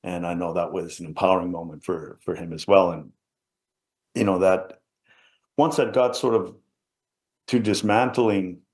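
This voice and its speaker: A middle-aged man from around Liverpool, an interview guest telling a personal story in an earnest, halting way that often trails off quietly. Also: sits low, steady tone. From England, around Liverpool.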